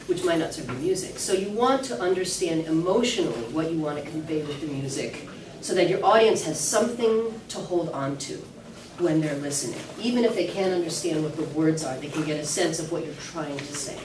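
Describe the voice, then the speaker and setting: Recorded from far off in an echoey classroom at an early music event, a woman teaches a singing class in a low, expressive voice at a brisk pace. She's chatty, using many fillers and restarting often, and the background is noisy.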